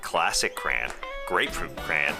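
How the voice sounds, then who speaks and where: A man co-hosting a podcast, reading an ad in an upbeat, playful sales pitch. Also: lively intonation, measured pace. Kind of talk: host-read ad. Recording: music bed playing behind.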